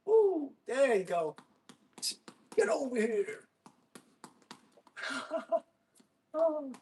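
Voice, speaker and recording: Male streamer mid-workout, high voice, loud whoops, blunt and combative. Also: drawn-out words, slight background noise. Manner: energetic, whooping, talking to chat between hits; blunt and combative toward trolls. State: exerting himself while hitting a ball. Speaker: livestreamer. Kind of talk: casual livestream chat while training.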